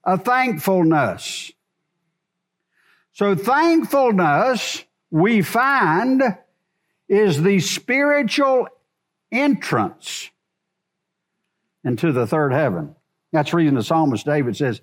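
A man's voice: high-pitched, expressive, slow, long pauses. A man preaching a sermon to a congregation in a church, asking rhetorical questions as he goes. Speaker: pastor.

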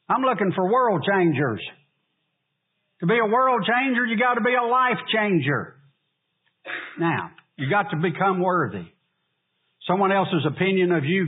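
A man preaching a sermon, asking the congregation questions and pausing for answers. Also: high voice, breathy edge, narrow, tinny audio. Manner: preaching with call-and-response questions. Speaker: pastor.

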